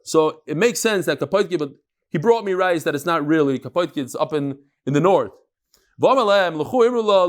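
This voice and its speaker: A middle-aged man giving a Talmud lecture, reading the text aloud and retelling stories in an animated way. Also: on the high side. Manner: animated, quick storytelling with Hebrew-Aramaic reading. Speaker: Talmud teacher.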